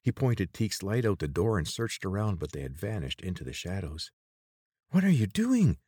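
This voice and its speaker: A man narrating an audiobook in a steady, even storytelling manner. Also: low-pitched, a little fast, dry recording, clean studio sound.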